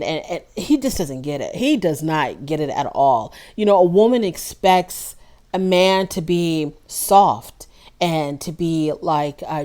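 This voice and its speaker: A woman's voice: lowish voice, darkish tone. A woman giving a casual, opinionated recap of a reality show episode. She talks directly to the people on the show and often uses fillers and restarts. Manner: chatty with frequent ums and restarts. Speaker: reality TV reviewer.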